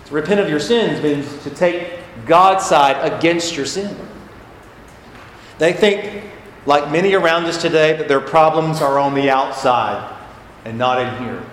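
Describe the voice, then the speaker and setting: A man's voice: fairly high pitch, a little slow, a bit bright. Repetitive preaching man, echoey church. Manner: emphatic, repeats key phrases for stress. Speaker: pastor. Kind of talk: sermon. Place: church sanctuary. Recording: echoey church hall with faint noise.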